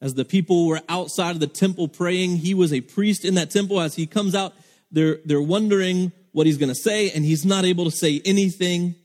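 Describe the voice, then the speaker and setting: A man preaching with earnest emphasis and a slightly high voice. His words ring out with a long reverb, as in a church hall. He acts out quoted lines as he goes. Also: a little fast, darkish tone. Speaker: pastor. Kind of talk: sermon.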